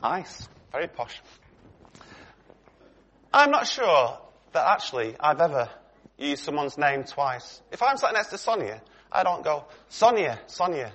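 A man's voice: on the high side, big pitch swings, measured pace, long pauses, fairly bright tone. A middle-aged man preaching a sermon in a conversational way, putting questions to his congregation.

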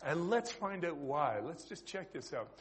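High-voiced Canadian preacher, lively and loud-soft. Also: male voice, measured pace. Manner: lively, conversational preaching with sudden loud bursts and soft drops. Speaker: Anglican priest and prison chaplain. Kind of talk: sermon.

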